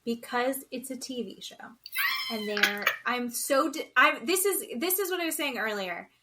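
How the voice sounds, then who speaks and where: A woman's voice: sits high, expressive, normal speed, very noisy. A woman co-hosting a casual podcast, giving exasperated, emphatic opinions on a reality show. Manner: opinionated and exasperated, speaks in emphatic repeated phrases. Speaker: podcast co-host.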